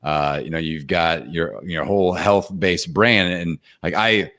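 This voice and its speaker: A man hosting a podcast interview, talking in a relaxed, affirming and conversational way. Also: low voice, a little slow. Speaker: podcast host. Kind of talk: casual interview chat.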